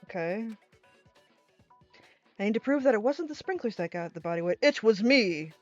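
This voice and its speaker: A woman's voice: mid-range voice, expressive, normal speed, a little mellow, lo-fi sound. A woman streamer giving casual, exasperated commentary on a game, laughing and swearing often. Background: faint game music.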